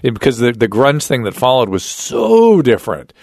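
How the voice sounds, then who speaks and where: A man hosting a podcast interview, reflecting out loud in casual chat and often restarting his sentences. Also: mid-range voice, very animated, moderate pace, creaky, no echo, studio quality. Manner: reflective, thinks aloud with restarts. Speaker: podcast host.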